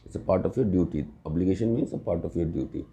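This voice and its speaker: A man's voice: sits low, fast talker, dark tone, slight background noise. A man teaching English grammar in a recorded lesson, explaining patiently with examples and often checking with "right?".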